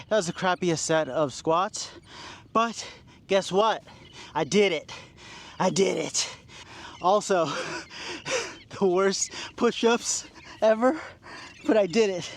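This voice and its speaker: A man in his forties with a slightly high voice talks to his camera mid-workout, out of breath and puffing between sets. He pokes fun at himself, sighs, and keeps cheering himself on. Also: rough recording. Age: 40s. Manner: self-deprecating, encouraging himself, sighs and laughs between sets. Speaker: vlogger. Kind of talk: workout vlog talking to camera. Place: outdoors at a beach.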